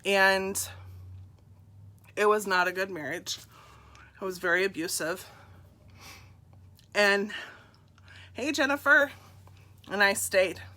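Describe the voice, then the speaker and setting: In a personal live-stream talk, a middle-aged woman with a drawl speaks unhurriedly and warmly, confiding in viewers and greeting each by name. Her mid-range voice is bright and clear but a bit stuffed up from congestion, and she takes it slowly, pausing often.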